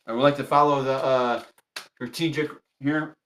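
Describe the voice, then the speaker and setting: A man's voice: mid-range voice, steady tone, normal speed, a bit bright, slight background noise. A man hosting a tarot livestream, chatting casually with viewers and repeating firm, polite instructions to his chat. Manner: polite but strict.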